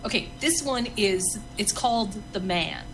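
A woman co-hosting a casual chat, recommending an old film with enthusiasm and a few halting restarts. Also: mid-range voice, expressive, noisy background. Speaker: podcast co-host.

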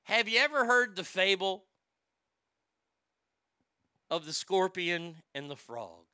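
A man with a high, very bright and clear voice, ranting with sarcastic disbelief. He trips over his words and repeats himself as he builds his point. It is a comedic monologue for a show. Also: lively intonation, slow pace, no echo. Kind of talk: comedic rant.

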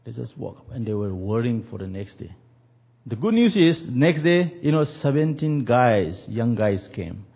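A man's voice: mid-range voice, sing-song, moderate pace, husky, highs cut off. A man preaching a sermon and telling a story, acting out the quoted voices with animation.

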